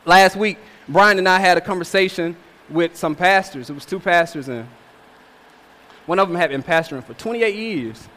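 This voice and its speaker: Young male preacher, 20s, high voice, emphatic and repetitive, long hall reverb. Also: normal speed, pushed and bright. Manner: emphatic, repeats phrases with rhetorical "all right?". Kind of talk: sermon.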